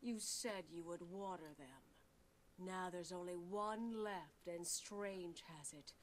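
A woman playing a cold, resentful, plant-loving female villain in a video game, with a slow, bitter delivery. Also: fairly low pitch, slight background noise. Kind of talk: video game cutscene acting.

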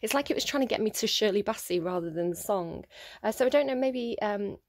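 A woman's voice: medium pitch, expressive, a little fast. A woman giving a casual solo tarot reading, thinking aloud with many fillers and restarts. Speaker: tarot reader.

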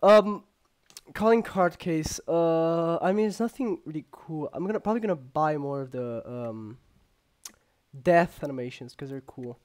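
A young man casually commenting on his gameplay, rambling with lots of fillers and jokes, and sometimes yelling when excited. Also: on the high side, moderate pace. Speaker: gamer.

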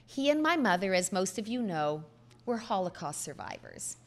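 A middle-aged woman delivering a prepared speech at a podium microphone, earnest and measured, with emphatic pauses. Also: medium pitch, very animated. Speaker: speaker at a foundation event.

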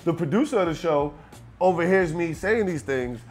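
Animated Brooklyn man spinning a story. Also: fairly high pitch, moderate pace, faint music behind. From Brooklyn, New York. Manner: animated, acts out the other people in his story, keeps asking "you know what I'm saying". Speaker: rapper guest. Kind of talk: storytelling in a casual interview.

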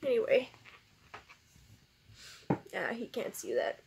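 A woman's voice: a little high, sing-song, takes it slowly, creaky, noisy background. A woman tarot reader in a casual vlog, emotional and teary, sighing and laughing as she rambles gratefully. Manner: soft, rambling, many fillers. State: tearful.

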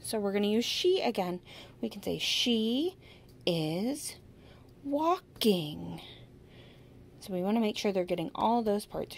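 A woman walks through a children's sentence activity in an upbeat teaching voice. She talks at an unhurried pace and stretches out each modeled phrase so every word stands out. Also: mid-range voice, animated. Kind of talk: instructional demonstration.

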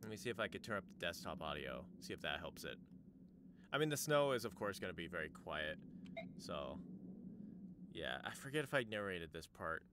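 A man's voice: low voice, sing-song, moderate pace, background noise. A man streaming a game live, chatting playfully with viewers and laughing often. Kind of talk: casual live-stream chat while playing. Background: loud game music.

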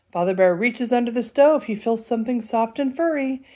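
An older woman, a grandmother, reading a bedtime storybook aloud in a lively, playful way. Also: a little high. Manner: lively, playful, does character voices.

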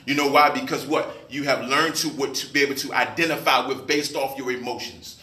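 Bright-voiced preacher in an echoey church. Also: male voice, medium pitch, fairly even intonation, fairly quick. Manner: call-and-response preaching, asks the congregation questions. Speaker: pastor. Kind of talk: sermon. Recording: echoey room, mic at a distance.

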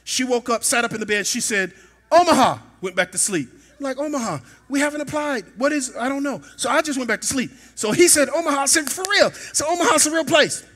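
A middle-aged man preaching a sermon in a church, telling a personal story and rising to shouts at its peaks. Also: very high voice, lively intonation, quick pace, few pauses. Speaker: pastor. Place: church sanctuary.

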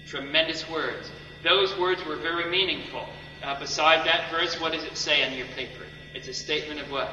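A man's voice: a little high, normal speed, pushed and bright. A man preaching a sermon with fervent, dramatic emphasis, repeating phrases to drive points home. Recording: echoey hall, mic far off, dull sound with faint hum.

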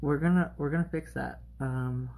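Playful drag performer chatting over makeup. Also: male voice, on the high side, steady tone, normal speed, gravelly, a little mellow, slight background noise. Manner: playful, chatty, laughs often. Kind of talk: casual livestream chat. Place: at home doing makeup. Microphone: phone.

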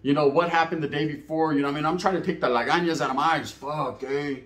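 A man's voice: a little high, fairly even intonation, fast talker, a bit bright, roomy sound. A man telling prison stories in a casual, profane, slang-heavy monologue, laughing at his own tales. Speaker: storyteller recounting prison life.

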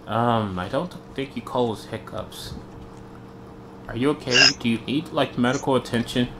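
A man's voice: mid-range voice, moderate pace, crowd noise. A young man chatting casually while playing a video game, joking and easily startled. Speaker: gamer. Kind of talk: casual gameplay chat. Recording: faint background noise.

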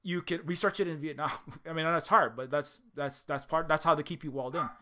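A man's voice: fairly high pitch, fairly even intonation, brisk, bright, forceful tone. A man from Hawaii giving a heated unscripted monologue, repeating words and restarting his sentences. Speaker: video essayist.

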